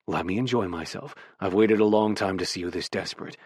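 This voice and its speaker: Guy reading as a low-voiced lover, gruff but soft, murmured, dry sound. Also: fairly quick, dry recording. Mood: teasing. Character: devoted adult male lover, gruff and tender.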